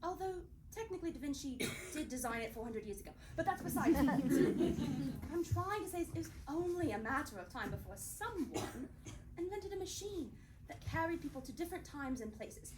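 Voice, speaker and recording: Brief: actress as prim, gushing lady inventor, high and lively voice, far-off stage mic in a roomy hall. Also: moderate pace. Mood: explaining. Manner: theatrical, breezy, prim and gushing. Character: genteel female inventor and time traveler, adult, excitable. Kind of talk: live stage acting. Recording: roomy theatre heard from far off, noisy.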